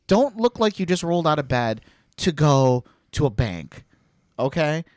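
Animated ranting man, swears freely. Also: a little high, unhurried, no room sound, studio quality. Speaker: podcast co-host. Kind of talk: casual chat.

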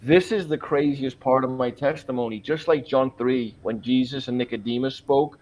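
A man's voice: mid-range voice, normal speed, a little mellow. A man in his forties, a pastor, telling his conversion story in an interview, earnest and emphatic. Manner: earnest and emphatic, quoting his own prayers. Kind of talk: personal testimony in a podcast interview.

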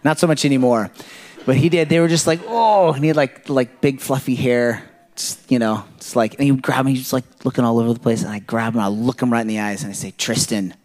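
A pastor from Kenya, a man in his thirties, preaches to a church congregation in a medium-pitched, slightly mellow voice, talking fast. He shares personal stories in a chatty, meandering way, with many asides and frequent "like" and "you know".

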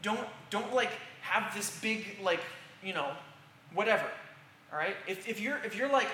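A man's voice: high voice, animated, moderate pace, pushed and bright. A man preaching a sermon in an earnest way, often checking in with "all right?" and restarting his sentences. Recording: roomy echo with faint background hiss.

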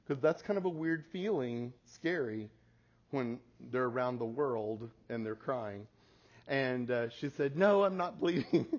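A man in his forties giving a talk to an audience, telling a family story in an animated way and laughing at his own stories. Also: mid-range voice. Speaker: speaker. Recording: slightly muffled lo-fi recording.

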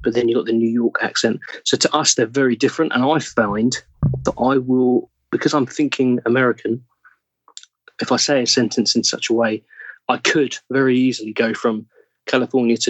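English male guest: husky, mid-pitched, dead dry close mic, thoughtful and halting. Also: fairly even intonation, dry recording. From England. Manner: thoughtful, searching for words, trailing off. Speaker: actor, podcast guest. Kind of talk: casual interview chat.

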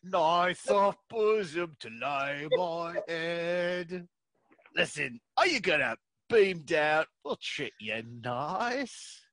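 A player voicing a rough, leering male miner in a put-on Cockney accent in an improvised tabletop game. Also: mid-range voice, lively intonation, a bit bright, no room sound. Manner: crude, boisterous, slow drawl. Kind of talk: improvised tabletop role-play.

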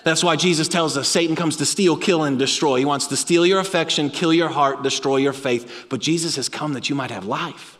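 A man's voice: a little fast, few pauses. Male preacher, dramatic sermon delivery, long hall reverb. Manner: dramatic storytelling, drops low and quiet for emphasis.

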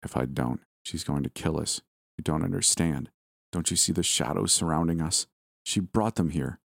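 A paranoid, exhausted young husband speaks in a hushed, tense, menacing way, voiced by a male reader. The voice sits very deep and is recorded close and dry. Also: normal speed, vocal fry, no room sound, heavily acted. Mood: paranoid menace. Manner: quiet, low, tense.

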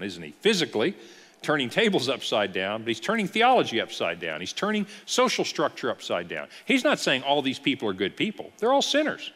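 Animated pastor teaching in a hall. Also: male voice, medium pitch. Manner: animated storytelling, rhetorical questions. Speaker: executive pastor. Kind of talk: teaching a church Bible class. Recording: long hall reverb.

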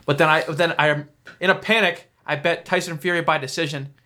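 Quick rambling young guy. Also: a little high, steady tone, sharp tone. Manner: rambling, cursing, self-mocking. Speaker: podcast co-host. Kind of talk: casual banter.

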